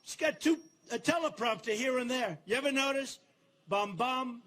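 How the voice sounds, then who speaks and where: An older man giving a campaign rally speech in a large venue, boastful and repetitive, turning to the crowd with asides and shouted slogans. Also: extremely high pitch, fairly quick. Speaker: political candidate.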